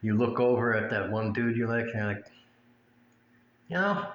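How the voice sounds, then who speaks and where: A man rants to camera in a blunt, crude, mocking way, full of profanity. His fairly low voice is level and fast, and the recording cuts off the highs, carries a little hiss or hum, and has an echoey room with faint ambience.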